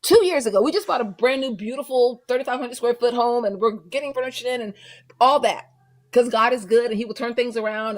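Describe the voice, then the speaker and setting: A woman hosting a livestream reaction, ranting bluntly and profanely in casual commentary with mocking asides. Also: a little high. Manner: does mocking voices of others.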